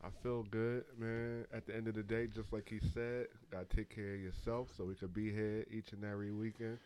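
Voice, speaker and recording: A man co-hosting a casual podcast chat who talks softly and stays low on the mic. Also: little pitch movement, fairly quick, clear, resonant tone. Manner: soft-spoken, quiet, low on the mic. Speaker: podcast co-host.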